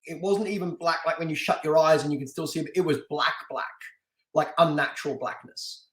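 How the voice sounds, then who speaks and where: A middle-aged man from London, England, a martial artist and stunt actor, tells a story as a guest in a casual podcast interview. He's animated, laughs often and restarts sentences, speaking a little fast in a slightly high voice with some room echo.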